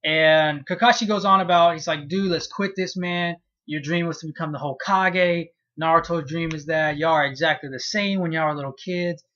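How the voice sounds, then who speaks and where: This manga reviewer has a fairly high voice and talks at a moderate pace with few pauses, and the audio's highs are cut off. He casually goes over a comic chapter, swearing openly and performing his reactions as he recounts it.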